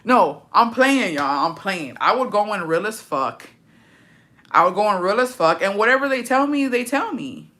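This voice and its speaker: Young woman streamer, bright and brash, swears freely while chatting with her viewers. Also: mid-range voice, lively intonation, moderate pace. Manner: brash, profane, blunt. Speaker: livestreamer. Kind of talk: casual chat answering viewer comments.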